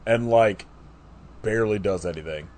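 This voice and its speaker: Here the podcast co-host sounds lowish and a little mellow, talking at normal speed. His casual movie review rambles, with plenty of "like" and false starts.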